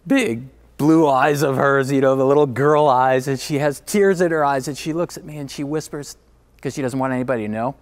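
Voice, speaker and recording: A middle-aged man giving a motivational keynote, telling a story emphatically and dropping to a hush at times. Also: medium pitch. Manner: emphatic, swings from driving to hushed.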